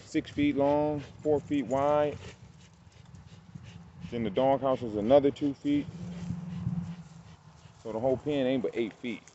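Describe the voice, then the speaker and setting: A man talking casually to the camera while working his dog outdoors, halting and fumbling over his words, with bursts of cooing praise for the dog. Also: mid-range voice. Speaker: dog owner and breeder. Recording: dull lo-fi camera audio with faint outdoor noise.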